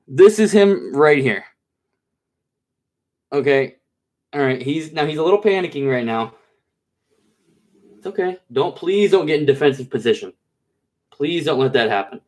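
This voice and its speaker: On a live stream, a man with a medium-pitched voice talks at normal speed, leaving long pauses. He chats easily with viewers in slang, addressing them as bro and dude, and turns coaxing and nervous as he handles a large snake.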